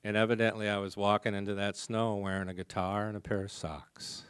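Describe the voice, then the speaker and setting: Male recovery speaker, low clear voice, confessional and funny. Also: flat delivery, brisk, a bit bright. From American. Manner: humorous, confessional storytelling. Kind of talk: storytelling recovery talk. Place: conference hall.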